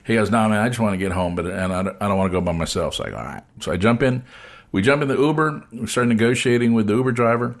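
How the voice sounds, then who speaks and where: A man hosting a casual chat, telling an animated story and acting out the voices of the people in it. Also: on the low side, quick pace. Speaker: host.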